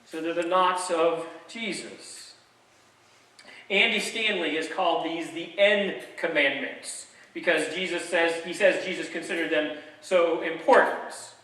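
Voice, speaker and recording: A man's voice: high-pitched, sharp tone. A man preaching a sermon as pastor, conversational and dotted with wry jokes. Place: church sanctuary. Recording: echoey sanctuary, mic at a distance.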